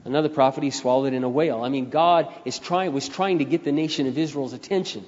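An older man preaching a sermon as pastor, moving from quiet storytelling into loud, rising appeals. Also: medium pitch, fast talker, hardly any pauses. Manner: emphatic preacher who swings between soft storytelling and loud rising appeals. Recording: dull sound with long hall reverb.

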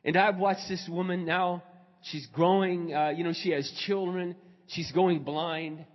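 A male pastor preaching a sermon, moving from quiet storytelling to loud, fervent preaching. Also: high-pitched, fairly even intonation, a little slow. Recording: dull recording in a reverberant hall.

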